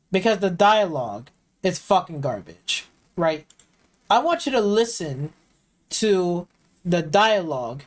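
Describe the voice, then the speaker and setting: A heated live-stream rant from a game streamer, swearing constantly and circling back over the same complaints. Mid-pitched and plainly spoken, they now and then slip into mocking put-on voices to parody bad dialogue. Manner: profane, heated, repetitive. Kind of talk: ranting game review.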